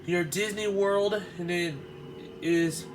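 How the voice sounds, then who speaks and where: Slow, halting man touring an exhibit. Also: high voice, steady tone. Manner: halting, restarts often, nostalgic. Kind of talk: casual walk-through commentary.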